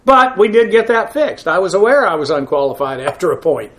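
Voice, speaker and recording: A man who is a pastor, teaching a verse-by-verse Bible lesson in a halting way, full of uh fillers, with frank, blunt asides. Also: high voice, animated, a bit bright.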